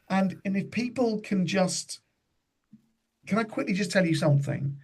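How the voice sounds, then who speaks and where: A man spins loose, chatty stories as a podcast guest. His voice sits a little high, with a gravelly fry and a husky edge. He keeps mimicking the people he talks about. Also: animated, moderate pace, darkish tone. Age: 50s. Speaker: comedian guest. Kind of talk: casual podcast anecdote.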